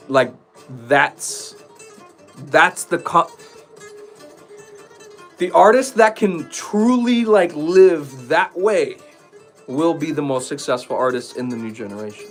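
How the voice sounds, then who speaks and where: Emphatic man preaching to his viewers. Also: fairly high pitch. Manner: emphatic, preachy, rambling with restarts. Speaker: streamer talking to viewers. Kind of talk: casual monologue to viewers.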